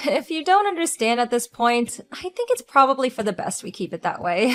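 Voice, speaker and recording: A woman voicing a sharp-tongued divorced woman who mocks her ex-husband with cutting sarcasm. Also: a little high, very animated, normal speed, faint music behind. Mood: mocking. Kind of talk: audio drama acting.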